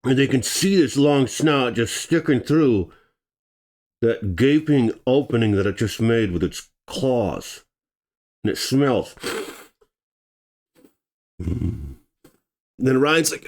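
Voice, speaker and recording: A man telling a true story in a casual, animated way, swearing and acting out the scenes. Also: medium pitch, slow, gravelly, long pauses.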